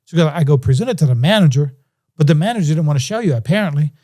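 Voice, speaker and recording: A man's voice: fairly high pitch, racing. A man as a podcast guest, telling a story in a casual way and acting out the voices of people in it. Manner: animated, acts out quoted voices.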